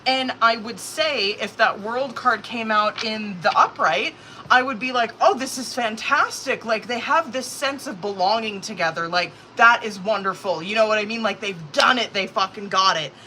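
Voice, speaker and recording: A woman's voice: fairly high pitch, moderate pace, sharp tone, a little hiss or hum, low-quality recording. A woman doing a live-stream tarot reading, talking casually with lots of swearing and filler words, getting nervous as she pulls cards. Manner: casual, profane, filler-heavy, anxious reactions. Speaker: tarot reader.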